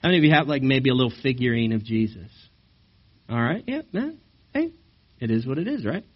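A man preaches a sermon at a church service. He is animated and often asks the congregation questions, at a middling pitch for a man. The recording sounds slightly dull. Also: brisk. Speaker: pastor.

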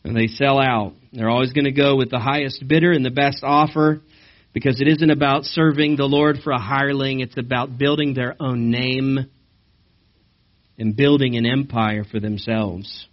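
A man preaching a sermon during a church service, animated and asking the congregation questions. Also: mid-range voice, normal speed. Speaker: pastor. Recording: slightly dull recording.

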